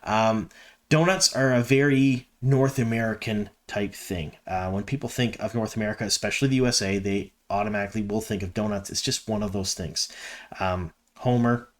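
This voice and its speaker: A man's voice: fairly low pitch, normal speed. Chatty enthusiastic man from Canada. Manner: chatty and enthusiastic, many ums. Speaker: fan video host. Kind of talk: casual fan commentary.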